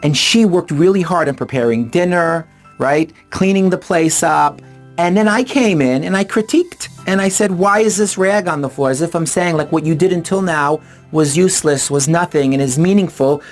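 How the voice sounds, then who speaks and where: A man's voice: a little high, moderate pace, faint music behind. A middle-aged man and author, earnestly retelling personal anecdotes to explain a relationship idea. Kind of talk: personal storytelling and advice talk.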